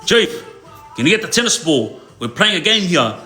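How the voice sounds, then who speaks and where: A man voicing a big, muscly male inmate who loudly and cheekily demands things from the guards. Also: fairly high pitch, sing-song, normal speed, echoey room, faint music behind, voice pushed up. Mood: cheeky shouting.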